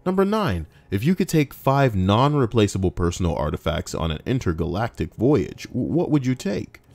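A man's voice: lowish voice, very animated, normal speed, creaky, a little mellow, dry recording. A young man casually reading out forum posts, rambling and sarcastic, with frequent swearing. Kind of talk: casual reaction commentary.

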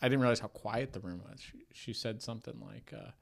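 A man's voice: fairly low pitch, fast talker, gravelly. A young man co-hosting a podcast, telling a comic story in casual chat and laughing often as he acts out the people in it. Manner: animated, laughs often, acts out voices in anecdotes. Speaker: podcast co-host.

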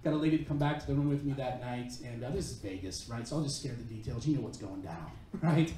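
A man's voice: medium pitch, quick pace, mellow. A man performing stand-up comedy on a club stage, telling a crude story in a brash, punchy way. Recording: echoey club heard from a distance. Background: audience laughter.

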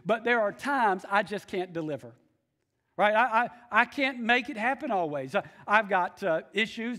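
A man's voice: sits high, sharp tone. A male pastor preaching a sermon, emphatic, repeating key phrases and calling out to the congregation.

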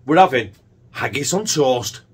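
A man's voice: mid-range voice, animated, a little slow, heavy background noise. Man, cooking video host, rambling casual chat, self-deprecating.

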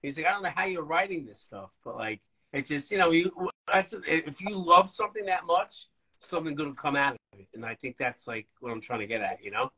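A man, a band's bass player, telling stories in a casual, rambling, profane way during an interview. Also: a little fast, breathy edge, low-quality recording. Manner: profane, rambling, animated storytelling.

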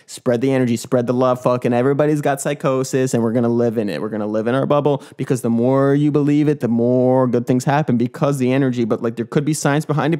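A man's voice: medium pitch, dark tone. A young man hosting his daily vlog, hyped and rambling, swearing often. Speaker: vlogger.

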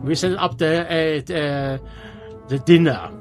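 A man with a Swiss German accent, a native Swiss German speaker, giving halting gameplay commentary in English with many restarts. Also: on the high side, over music. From Switzerland. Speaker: let's player.

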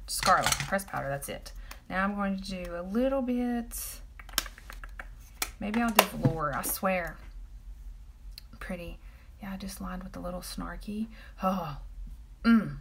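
Over some background noise, a woman with a voice on the low side chats casually with viewers on a live stream. She's a makeup seller doing a live demo, applying makeup and talking about the products.

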